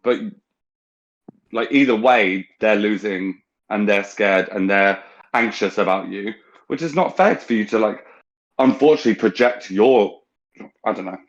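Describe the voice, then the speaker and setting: A man's voice: on the low side, measured pace, dull audio. A man hosting a casual chat on a video call, emotional and teasing, who swears freely. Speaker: podcast host.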